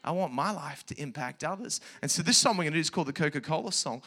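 A man's voice: on the high side, expressive, quick pace, fairly bright tone, husky. A man leading a children's church service, speaking with playful, enthusiastic energy from a church stage. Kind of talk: energetic church talk to kids.

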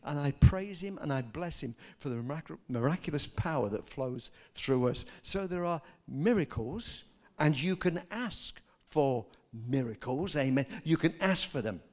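An older man preaching a sermon, telling stories and rising to loud, emphatic peaks. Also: fairly high pitch, animated, measured pace. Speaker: pastor.

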